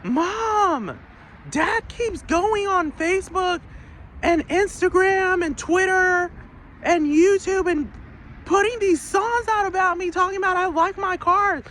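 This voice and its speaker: A man's voice: bright, forceful tone, slight background noise, heavily acted. A man voicing a whining ten-year-old boy tattling to his mom. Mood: whiny. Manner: high whining complaint, drawn-out.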